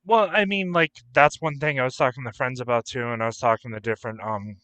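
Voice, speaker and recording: Bright, animated man reviewing a show. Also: medium pitch, fast, no echo, poor audio. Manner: animated, acts out his reactions with voiced quotes. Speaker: co-host and reviewer. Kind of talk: casual pop-culture chat.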